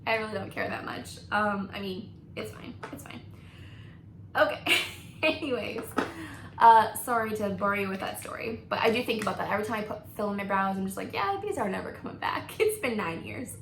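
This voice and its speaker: A woman's voice: mid-range voice, moderate pace. A woman in her thirties, a beauty vlogger chatting through a story while doing her makeup, laughing often and peppering her talk with likes and ums. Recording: echoey room with faint noise.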